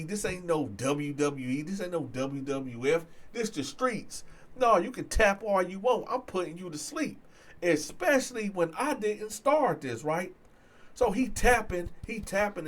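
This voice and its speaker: A man telling a personal story in casual talk to his viewers, getting louder and higher when excited. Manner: animated, swings loud and high when excited. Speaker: storyteller host.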